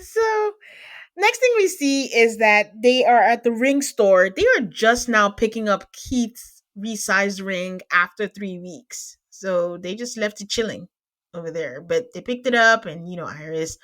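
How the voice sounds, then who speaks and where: A woman's voice: mid-range voice, expressive, a little slow, fairly bright tone. A woman hosting a podcast, recapping a reality show in casual chat, teasing and laughing often.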